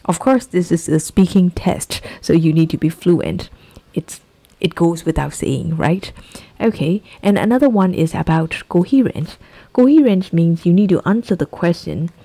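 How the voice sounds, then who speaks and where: A woman's voice: lowish voice, animated, normal speed, warm tone, husky. A woman with a Burmese accent, a native Burmese speaker, patiently explaining the IELTS speaking test as a teacher. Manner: explaining patiently, asks for agreement.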